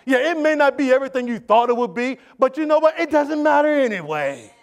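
High pitched pastor preaching, lots of repeating, keeps asking the church to say amen. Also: male voice, animated, a little fast. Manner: emphatic, repetitive, call-and-response with the congregation. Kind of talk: sermon.

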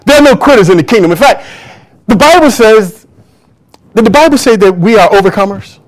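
A man's voice: sits high, animated, a little fast. A man preaching a sermon to a church congregation, emphatic and drawing call-and-response from the crowd. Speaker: pastor.

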